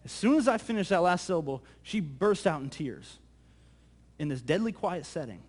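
A male pastor preaching a sermon, telling a story in a lively, conversational way that often repeats words. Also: on the high side, a little fast. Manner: animated, conversational, repeats words when excited.

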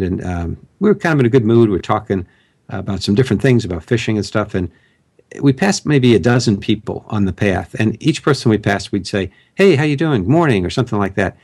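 A man's voice: lowish voice, fast talker, darkish tone. A man in casual conversation, telling a rambling personal story with frequent restarts. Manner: rambling anecdotes with many restarts.

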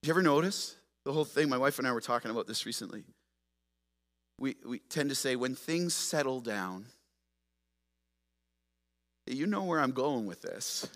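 A man preaching a sermon as pastor, moving from quiet storytelling to loud, emphatic exhortation. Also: mid-range voice, expressive, moderate pace, long pauses.

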